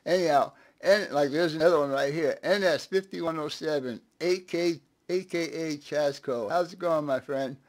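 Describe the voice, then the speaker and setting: A man hosting a relaxed live stream, with a voice that sits somewhat high for a man. He chats loosely, laughs often and greets viewers by name one after another. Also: moderate pace, hardly any pauses. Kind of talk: casual live stream chat.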